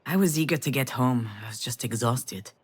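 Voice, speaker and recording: A woman's voice: extremely low pitch, normal speed, husky. A tender storytelling mother. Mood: nostalgic. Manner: warm storytelling, intimate. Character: tender mother recalling a family memory. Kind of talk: game voice acting.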